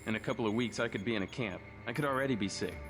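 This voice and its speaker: In a video game, an actor voices a paranoid office technician who is bitter, resentful, and fatalistic. His lowish voice comes rapid-fire and sounds close to everyday speech, with game music in the background.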